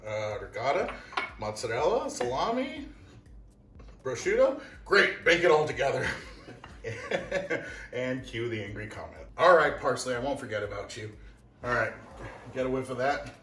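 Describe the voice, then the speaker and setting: A man's voice: mid-range voice, expressive, moderate pace, bright, forceful tone. A man hosting a casual cooking show at home, cracking jokes and laughing often as he works. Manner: jokey, laughs often, self-mocking asides. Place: home kitchen. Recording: roomy kitchen echo, mic far off.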